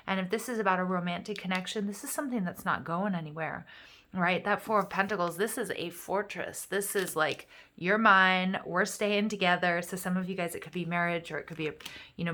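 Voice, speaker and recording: A woman giving a casual, upbeat tarot reading straight to her viewers, encouraging and quick to get excited. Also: medium pitch. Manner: upbeat, encouraging, excitable, fillers like "you know". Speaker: tarot reader.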